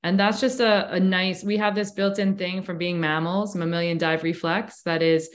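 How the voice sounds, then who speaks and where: A woman's voice: fairly low pitch, little pitch movement, normal speed. A woman who coaches breathwork and cold exposure, explaining enthusiastically in a casual interview with long flowing sentences.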